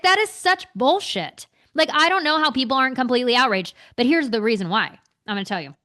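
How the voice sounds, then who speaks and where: A woman's voice: a little high, sharp tone. A young adult woman co-hosting a podcast, ranting heatedly in casual chat and swearing a lot. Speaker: podcast co-host.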